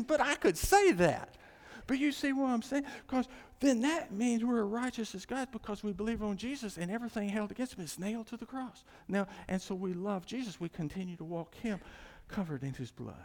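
A man preaching a sermon as pastor, emphatic and rising to loud exclamations. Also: high-pitched, lively intonation, a little fast, gravelly, big-room sound. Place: church sanctuary.

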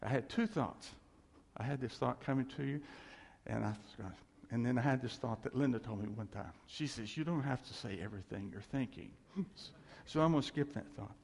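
Male pastor, sermon, animated and playful; gravelly, husky, long hall reverb. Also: medium pitch, a little fast, slight background noise. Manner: animated, acts out quotes, laughs often. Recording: echoey hall.

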